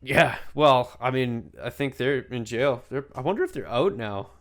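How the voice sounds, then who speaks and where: A man's voice: mid-range voice, animated, moderate pace, fairly bright tone. A young man hosting a casual podcast chat, rambling through a story. He laughs often and keeps tagging his lines with "man.". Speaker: podcast host.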